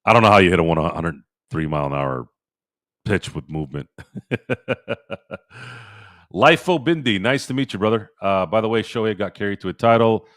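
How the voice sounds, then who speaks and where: A middle-aged man hosting a casual sports live-stream, excitable and animated, answering viewers in chat. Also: low voice, dry recording, clean studio sound. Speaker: sports podcast host.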